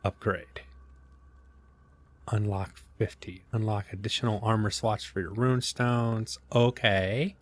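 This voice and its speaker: A man with a somewhat low voice narrates his own gameplay at home, thinking out loud as he goes. His talk is loose and self-deprecating, with relaxed asides. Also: takes it slowly. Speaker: gaming channel host. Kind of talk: casual let's-play commentary. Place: home gaming setup.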